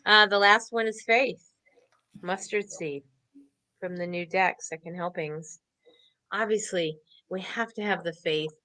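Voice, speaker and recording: Bright-voiced chatty woman co-host. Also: lowish voice, steady tone, measured pace, dry recording, poor audio. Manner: chatty, upbeat, laughs often. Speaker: co-host doing card readings. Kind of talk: casual online show chat.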